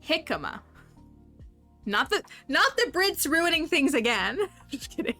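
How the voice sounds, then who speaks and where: A woman's voice: high voice, big pitch swings, normal speed, bright, forceful tone, soft background music. A woman livestreaming a game, chatting upbeat with her viewers and laughing often. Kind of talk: casual livestream chat with viewers.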